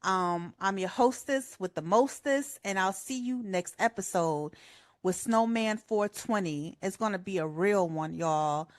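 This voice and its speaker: A middle-aged woman hosts a radio show in a heartfelt, chatty way. Her voice sits at a medium pitch and cracks with emotion as she talks. The sound is close and dry, with no room echo. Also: measured pace. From Chicago. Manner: heartfelt, chatty, says "y'all" a lot. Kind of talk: personal tribute monologue.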